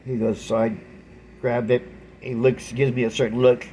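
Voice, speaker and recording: Man, middle-aged, vlogger, rambling storyteller, medium pitch, faint background noise. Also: normal speed. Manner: rambling, animated retelling with quoted voices. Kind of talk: casual storytelling to camera.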